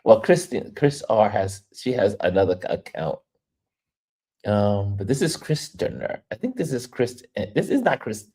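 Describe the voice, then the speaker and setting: A man's voice: on the low side, moderate pace, husky. A man hosting a casual livestream, chatting loosely and reading viewer comments aloud with frequent laughter. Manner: animated, laughs often, reads chat aloud. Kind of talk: casual live chat.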